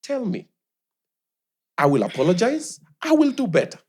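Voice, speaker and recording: A man's voice: high voice, big pitch swings, moderate pace, a little mellow, slight background noise. A young man with a Kenyan accent, chatting animatedly as a podcast guest and mixing in Swahili slang. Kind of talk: casual chat.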